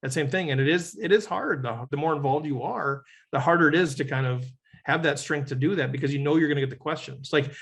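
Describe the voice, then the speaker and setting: A man's voice: on the high side, fast, creaky, fairly bright tone. A middle-aged man, talking earnestly and reflectively as a podcast guest, often tagging his sentences with "right?". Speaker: podcast guest, leadership coach. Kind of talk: conversational interview.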